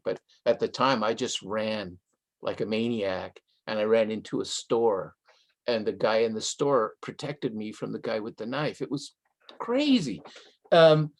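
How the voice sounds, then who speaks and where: An older man from Southern California talks as the guest in a live online interview, spinning a story at an easy conversational pace. His voice sits at an ordinary middle pitch, and he drops Spanish phrases into his English as he goes. Short laughs come up between his lines. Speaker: guest author.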